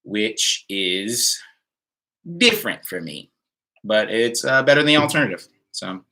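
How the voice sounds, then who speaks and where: Bright-voiced laid-back man livestreaming. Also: lowish voice, expressive, unhurried. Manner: laid-back, slangy, reads out chat comments. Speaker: musician streaming a live Q&A. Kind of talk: casual livestream chat. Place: home, in Nashville.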